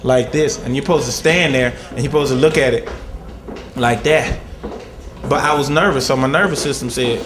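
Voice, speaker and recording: A man's voice: mid-range voice, moderate pace, noisy background. A man from Texas with a Texan accent doing a stand-up set, telling stories and acting out the bits with lots of energy. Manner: animated storytelling, acts out bits. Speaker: stand-up comedian. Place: comedy club stage. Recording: echoey club with crowd laughter. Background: audience laughing.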